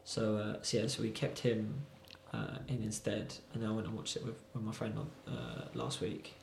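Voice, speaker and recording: A man's voice: fairly low pitch, moderate pace, creaky, darkish tone, slight background noise. A man chatting casually as a podcast co-host, telling stories animatedly with many fillers. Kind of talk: casual chat. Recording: roomy echo.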